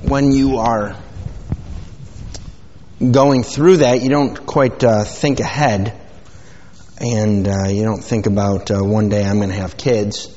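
A man's voice: fairly low pitch, fairly even intonation, slow pace, pauses often, dark tone. A man, giving an informal sermon and prayer in a church, rambling and folksy with many fillers. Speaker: pastor. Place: church sanctuary. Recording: dull sound with hall reverb.

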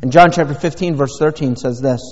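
A man's voice: fairly high pitch, brisk, a little mellow. A middle-aged man preaching a sermon as a pastor, in a rambling, folksy way with many fillers. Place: church sanctuary. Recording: dull sound with long hall reverb.

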